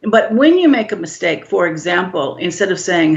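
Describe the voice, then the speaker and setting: Calm woman explaining, dull lo-fi sound. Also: fairly low pitch. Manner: calm, measured, gently instructive. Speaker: guest expert on healing shame. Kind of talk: explanatory interview answers. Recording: dull lo-fi audio.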